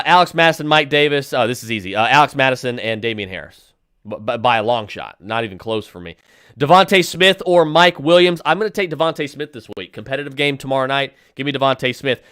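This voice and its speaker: A man's voice: medium pitch, fairly bright tone, clear, resonant tone, no room sound, studio quality. A man hosting a podcast and firing off fantasy football advice, with emphatic, decisive picks broken up by fillers and restarts. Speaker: podcast host answering listener questions.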